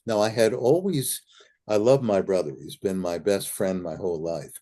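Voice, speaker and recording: A man's voice: deep voice, moderate pace, dark tone. An older man, an interview guest, earnestly telling anecdotes and acting out remembered conversations. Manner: earnest storyteller who acts out remembered dialogue. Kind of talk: reminiscing anecdotes.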